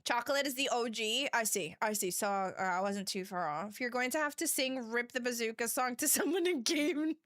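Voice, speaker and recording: Giggly, bright-voiced woman streamer. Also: fairly high pitch, moderate pace, no room sound, studio quality. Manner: giggly and chatty, laughs often; reads viewer messages aloud. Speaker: livestreamer. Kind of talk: casual chat with a live audience.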